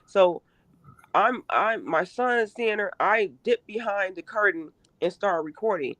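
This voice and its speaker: A middle-aged woman giving an emotional first-person account in an interview, halting and repeating herself with emphasis. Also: mid-range voice, animated, a bit bright, no echo. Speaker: interview guest, mother.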